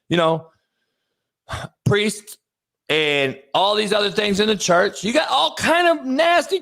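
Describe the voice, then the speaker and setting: A man hosting a talk show who argues in a casual, profane rant, rising into loud outbursts as he makes his points. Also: high-pitched, vocal fry. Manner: animated, profane ranting with sudden loud outbursts. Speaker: show host, former coach.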